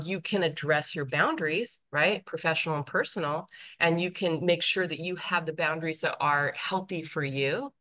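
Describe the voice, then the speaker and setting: A woman's voice: on the low side, a bit bright. A woman presenting a live workshop, speaking emphatically, repeating her points and checking in with her listeners. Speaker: workshop presenter, teaching professor.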